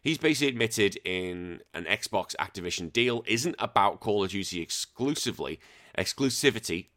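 Brief: male podcast host, thirties, low-ish voice, sweary jokey rants. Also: expressive, moderate pace, a bit bright. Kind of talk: casual chat.

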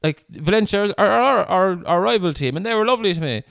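A man's voice: sits high, animated, brisk, gravelly, a bit bright. An Irish man hosting a comedy podcast, telling stories in casual, sweary chat and slipping into acted quotes.

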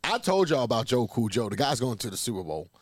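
A man co-hosting a casual sports talk show, brash and profane, trash-talking with animated swings. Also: mid-range voice, fast, no echo. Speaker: podcast co-host.

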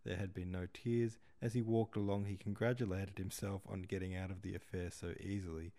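Male audiobook narrator, steady and measured, deep and mellow. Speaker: podcast host reading a novel.

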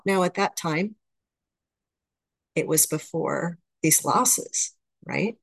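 Low-pitched woman, supportive and effusive, dry close sound. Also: takes it slowly, vocal fry, long pauses, slightly rough, no room sound. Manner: warm-hearted, effusive. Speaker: meeting member sharing. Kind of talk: supportive share at a support meeting. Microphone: video call.

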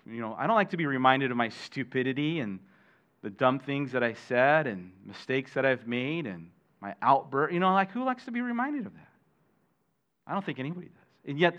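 A middle-aged man preaching a sermon as pastor, animated, questioning his listeners and adding jokey asides. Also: mid-range voice. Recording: dull lo-fi sermon recording.

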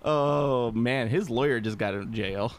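A man's voice: medium pitch, measured pace, a little hiss or hum. A man chatting casually on a podcast, rambling, laughing and swearing freely.

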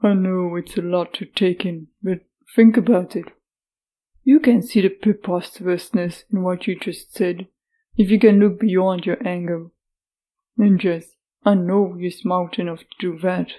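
A woman voicing a calm, earnest man. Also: fairly low pitch, rough recording. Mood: calm, pleading. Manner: soothing, reasoning, measured. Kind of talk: audiobook character voice.

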